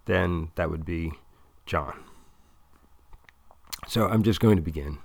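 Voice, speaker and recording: A man's voice: low voice, moderate pace, darkish tone, dry recording, clean studio sound. A man explaining a plan at length in a casual, rambling way with many restarts. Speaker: interviewer recording a monologue.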